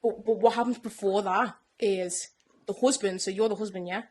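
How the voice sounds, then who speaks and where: A woman's voice: medium pitch, normal speed. Chatty woman retelling a story. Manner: animated storyteller who acts out characters' lines. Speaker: podcast co-host. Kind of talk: casual chat retelling a TV plot.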